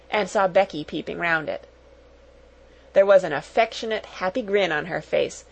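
A woman narrating a children's novel for an audiobook in a gentle, measured storytelling manner. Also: lowish voice, gravelly, breathy edge, poor audio.

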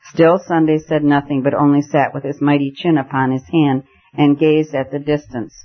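A man narrating a novel in a steady, measured reading. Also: fairly high pitch, lo-fi sound. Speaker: audiobook narrator. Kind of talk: scripted narration.

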